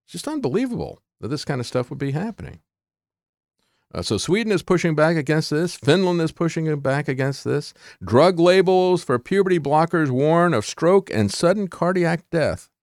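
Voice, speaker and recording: A man's voice: fairly high pitch, animated, normal speed, a little mellow, dry recording, studio quality. A man hosting a talk show, giving emphatic opinionated commentary with sarcastic asides.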